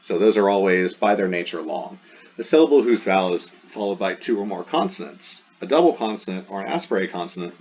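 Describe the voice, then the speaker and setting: A man's voice: deep voice, lively intonation, a little fast, darkish tone, a little hiss or hum. A man teaching a recorded lesson, explaining step by step and repeating sounds aloud. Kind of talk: recorded classroom lecture. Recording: dull lo-fi sound.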